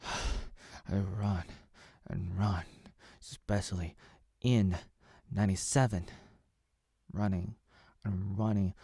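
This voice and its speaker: Slow, gravelly man rambling to camera. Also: low voice, flat delivery, dark tone, no room sound, clean studio sound. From Oregon, USA. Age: 30s. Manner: playful, absurd, drifts into whispers and silly voices. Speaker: video creator. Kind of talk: rambling comic monologue to camera.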